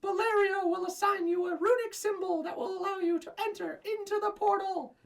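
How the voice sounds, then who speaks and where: Man playing an old king, loud, high, proclaiming, distant. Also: fairly even intonation, brisk, vocal fry.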